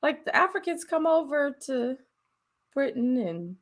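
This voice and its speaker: A woman's voice: sits high, sing-song, measured pace. A woman co-hosting a live podcast, teasing and playful, laughing often. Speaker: podcast co-host. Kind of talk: casual live podcast chat.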